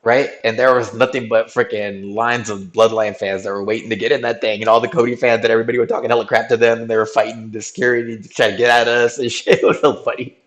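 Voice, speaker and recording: Rambling through a slangy story recap on stream, a man keeps tossing in "right?" He speaks fast in a flat, medium-pitched voice with hardly any pauses.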